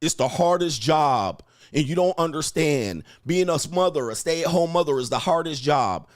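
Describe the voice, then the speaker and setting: A man's voice: fairly high pitch, animated, normal speed, dry recording. Guy ranting bluntly on his show, swears a lot, does little voices, dry close sound. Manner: blunt and profane, acts out quotes in other voices. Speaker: relationship commentator and host. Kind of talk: casual commentary reacting to clips.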